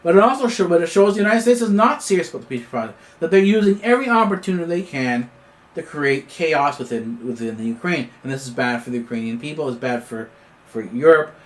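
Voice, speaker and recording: Here a fast-talking Canadian man with a fairly high, animated voice runs his independent news commentary channel. His political commentary is improvised, peppered with fillers and repeated restarts.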